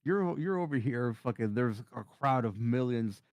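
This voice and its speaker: A man's voice: mid-range voice, lively intonation, normal speed, darkish tone, dry recording. A man running a tabletop game as game master, narrating casually with swearing and laughter.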